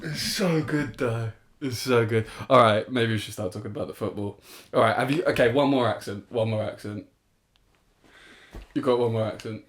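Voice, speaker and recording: A man's voice: medium pitch, normal speed. A young man co-hosting a casual football podcast, joking around and trying out footballer impressions. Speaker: podcast co-host. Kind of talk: casual chat.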